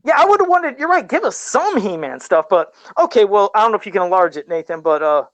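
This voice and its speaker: A man co-hosting a casual podcast, talking excitedly with laughs and rambling restarts. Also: high-pitched, fairly quick, no room sound. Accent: says he has an accent. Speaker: podcast co-host.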